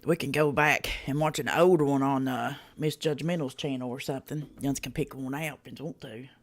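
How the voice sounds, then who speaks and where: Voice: mid-range voice, fairly even intonation, a little fast. A host runs a casual reaction livestream. The talk is folksy and drawling, loose and peppered with swearing. Viewers get greeted by name between remarks.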